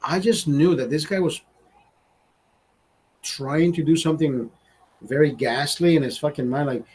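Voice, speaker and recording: A young man hosting a livestream, telling a rambling, profane story in a casual, animated way. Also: on the high side, measured pace, a little hiss or hum. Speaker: livestream host.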